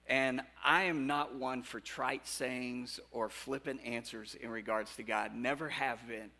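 Lively, gravelly-voiced male pastor preaching. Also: mid-range voice. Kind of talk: sermon.

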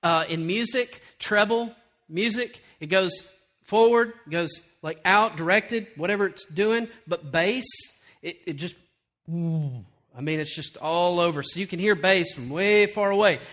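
A middle-aged male pastor preaching a sermon, telling animated stories and acting out quoted lines, then turning quiet and earnest. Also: high voice, a little slow.

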